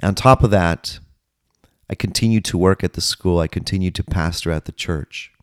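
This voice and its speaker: A middle-aged man, a pastor and podcast host, earnestly telling his personal testimony with dramatic pauses. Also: sits low, clear, resonant tone, no echo, studio quality.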